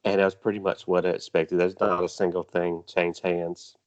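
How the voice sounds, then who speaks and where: Low-voiced, easygoing podcast co-host. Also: male voice, flat delivery, moderate pace, lo-fi sound. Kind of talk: casual chat.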